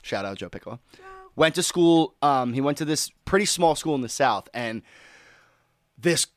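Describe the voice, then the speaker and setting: Animated young man telling stories. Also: medium pitch, normal speed, no room sound, studio quality. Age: 20s. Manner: animated, laughs through stories, mimics voices. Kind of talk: casual storytelling chat.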